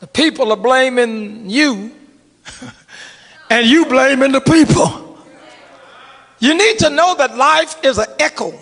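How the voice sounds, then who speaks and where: High-voiced, gravelly preacher in a reverberant hall. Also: male voice, slow, long pauses. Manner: preaching with call-and-response, swinging between hushed and shouted. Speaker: pastor. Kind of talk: sermon. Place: church sanctuary. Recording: long reverb of a large church hall.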